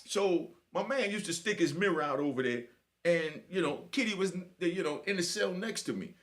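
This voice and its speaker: A middle-aged man telling a prison story in a casual, slangy, animated way, full of asides. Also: high-pitched, moderate pace.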